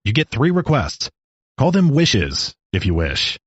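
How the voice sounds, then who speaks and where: A man voicing a wry old male talking rattlesnake in a storybook reading, calm and explaining with dry jokes. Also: medium pitch, unhurried, slightly rough, dry recording, lo-fi sound, exaggerated voice.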